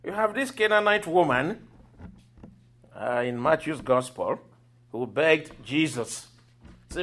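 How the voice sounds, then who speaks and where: A man preaching a sermon, telling scripture stories with lively acted-out quotes and occasional laughter. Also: a little high, measured pace, long pauses. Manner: animated storytelling, acting out quoted voices and laughing.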